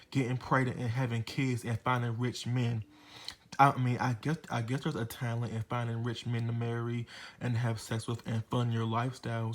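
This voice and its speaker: Blunt, profane man recapping gossip. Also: mid-range voice. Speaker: reality TV reviewer. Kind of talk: casual episode recap commentary.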